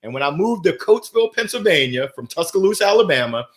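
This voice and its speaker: A man hosting a motivational livestream, talking with playful energy and giving shout-outs to viewers. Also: high voice, very animated, fast. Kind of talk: upbeat motivational livestream talk. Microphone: gold microphone.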